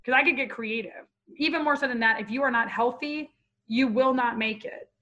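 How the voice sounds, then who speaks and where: A woman's voice: fairly high pitch, brisk, bright, forceful tone, dull audio. A woman in her thirties speaking candidly and with feeling as an interview guest. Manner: candid, heartfelt, storytelling. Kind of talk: emotional personal interview talk.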